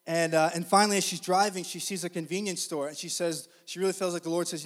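A man preaching a sermon, telling a story conversationally to the congregation and building to loud, emphatic preaching. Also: high voice, fairly even intonation, quick pace. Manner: conversational, addresses the congregation directly.

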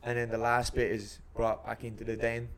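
A football coach co-hosts a casual podcast, his voice at a plain middle male pitch. He rambles keenly, circling back and restarting his sentences. The delivery is loose and conversational. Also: monotone, normal speed. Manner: rambling, many fillers and restarts, keen.

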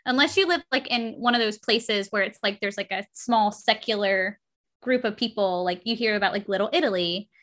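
A chatty woman with a faint Southern accent and a bright, clear tone, talking casually on a podcast. She fills her sentences with likes and keeps a light, easygoing flow. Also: mid-range voice, a little fast. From southern Georgia, USA. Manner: chatty, many likes, laughs often. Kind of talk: casual chat.

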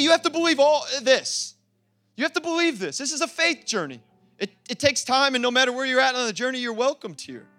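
A man preaching a lively sermon as pastor, laughing often and acting out quoted voices. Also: very high-pitched. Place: church.

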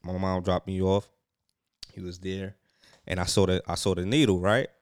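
A man's voice: low-pitched, normal speed, clear, resonant tone. A young man co-hosting a casual talk show, telling stories with bursts of laughter and slang-filled banter. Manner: animated storytelling with bursts of laughter. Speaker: podcast co-host.

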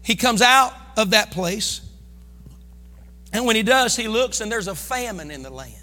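Fervent, bright-voiced preacher in a reverberant church. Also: male voice, high voice, expressive, a little slow. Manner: fervent call-and-response preaching, bursts into shouts. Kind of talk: sermon. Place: church sanctuary.

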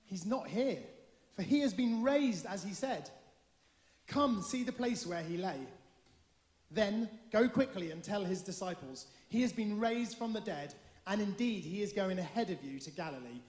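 A man giving a measured, formal Bible reading in church. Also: sits high, expressive, darkish tone. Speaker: scripture reader. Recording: echoey hall, long reverb.

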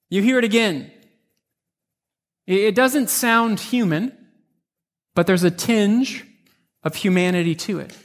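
A male pastor with a notably high voice preaches a narrative sermon, retelling a scene vividly in the second person. He talks with frequent restarts and repeated words.

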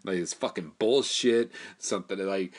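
Lowish, rambling, foul-mouthed male storyteller. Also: moderate pace. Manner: rambling, profane, full of fillers and restarts. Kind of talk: casual spoken storytelling.

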